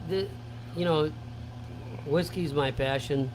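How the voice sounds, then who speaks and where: A man's voice: on the high side, slow pace, background noise. A man who owns a wine and cigar shop, explaining things in an easygoing, explanatory way with many fillers. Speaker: wine and cigar store owner, guest. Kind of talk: casual chat.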